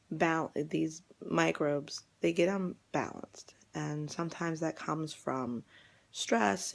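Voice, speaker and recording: A young adult woman, a fitness vlogger, losing her voice and sounding hoarse, talking casually to camera with many fillers and restarts. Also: low-pitched, a little mellow. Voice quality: hoarse, gravelly.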